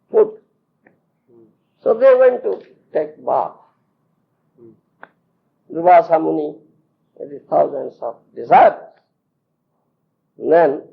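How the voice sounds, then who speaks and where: Slow, gravelly Indian English preacher. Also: male voice, high voice. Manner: checks understanding often, laughs while telling. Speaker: spiritual teacher. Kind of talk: storytelling scripture lecture. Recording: muffled lo-fi tape.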